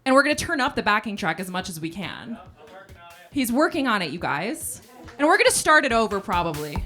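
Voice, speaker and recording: A woman doing a live stand-up set on stage, with sardonic, quick, crude asides. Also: mid-range voice, very animated, bright, forceful tone. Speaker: stand-up comedian. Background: backing track music.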